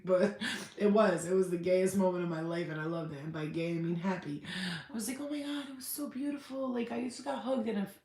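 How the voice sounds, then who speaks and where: A woman's voice: lowish voice, darkish tone, roomy sound. A woman hosting a spiritual livestream, chatting candidly, swearing freely and answering viewer comments. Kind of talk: casual livestream chat.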